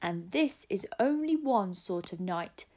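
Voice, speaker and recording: Storybook black cat, calm and gentle, coaxing and dreamy, slow and sing-song, voiced by a woman. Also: mid-range voice.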